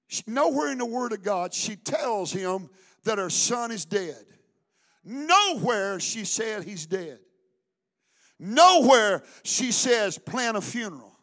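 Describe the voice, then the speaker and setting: Very high-voiced fervent male preacher. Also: expressive, slow pace, fairly bright tone. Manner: fervent, call-and-response preaching. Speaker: pastor. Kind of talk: sermon. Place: church service.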